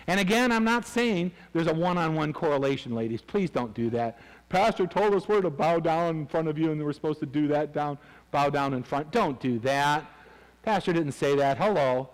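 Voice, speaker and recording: Animated pastor preaching in a reverberant church. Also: male voice, on the high side. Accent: New England. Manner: animated preaching, shifts between loud and hushed. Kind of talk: sermon. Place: church sanctuary.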